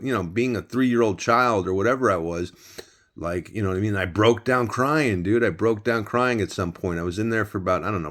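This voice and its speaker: A man with a fairly low voice tells a personal story in a loose, casual way. He restarts his sentences over and over and drops in swear words as he goes. He sounds close to the mic, indoors. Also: a bit bright. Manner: rambling, many restarts and swearing.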